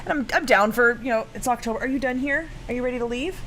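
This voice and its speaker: A woman's voice: on the high side, quick pace, a bit bright, a little hiss or hum. A woman co-hosting a casual livestream from home, reading out viewer messages and making teasing, dry asides. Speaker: co-host reading viewer chat.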